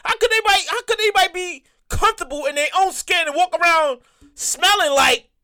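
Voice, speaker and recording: A woman telling a casual storytime rant to her viewers, talking in an animated, exasperated way, repeating herself and swearing freely. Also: very high voice, brisk. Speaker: vlogger telling a work story.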